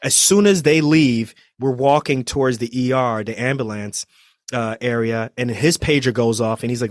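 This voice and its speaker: A man's voice: mid-range voice, moderate pace, dry recording, clean studio sound. A man from New Jersey, a trauma surgeon, telling his story as a podcast guest and acting out what people said. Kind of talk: storytelling interview.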